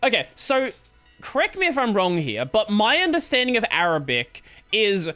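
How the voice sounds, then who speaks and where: This is a streamer talking off the cuff with a high, very expressive voice that rises and falls a lot. He restarts his sentences as he works things out aloud, and he has a bright, forward tone. Soft game music plays underneath. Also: normal speed, clear, resonant tone. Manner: rambling, restarts while thinking aloud. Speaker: gaming streamer. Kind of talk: casual live-stream chat.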